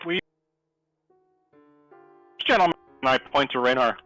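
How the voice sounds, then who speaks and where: A man's voice: medium pitch, unhurried, bright, forceful tone, no room sound, soft background music. A man playing a tabletop game, chatting casually in and out of character. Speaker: player.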